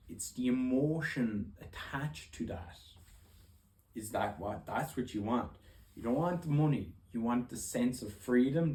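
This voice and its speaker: An earnest young man coaching and telling a personal story, halting and restarting as he talks. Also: mid-range voice, mellow. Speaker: life coach. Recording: echoey room.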